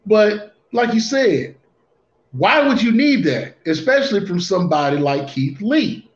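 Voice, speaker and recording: A man co-hosting a casual wrestling talk show, speaking deliberately and often restarting his phrases. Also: high voice, big pitch swings. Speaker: podcast co-host. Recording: roomy, dull lo-fi sound.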